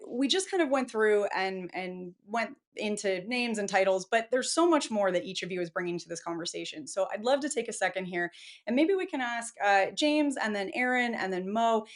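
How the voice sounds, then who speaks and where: A woman hosting a live webinar, upbeat and chatty, greeting audience members by name. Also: medium pitch. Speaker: webinar host.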